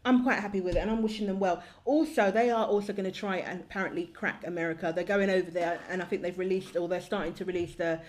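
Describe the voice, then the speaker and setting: A woman's voice: lowish voice, steady tone, fast talker, hardly any pauses, a little mellow. A woman co-hosting a music review show in casual chat, enthusiastic and opinionated.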